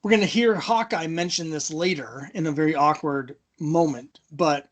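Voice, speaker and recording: A man with a high voice hosts a relaxed comic book discussion. He retells scenes by quoting the characters' lines. He often pauses on "um" as he talks. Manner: retells scenes with quoted dialogue, frequent ums. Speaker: podcast host.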